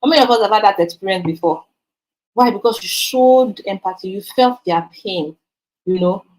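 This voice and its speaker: A woman's voice: medium pitch, normal speed, darkish tone, rough recording. Emphatic Nigerian woman sales coach. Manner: emphatic, repeats for stress, slips into Nigerian Pidgin. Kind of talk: teaching a sales training.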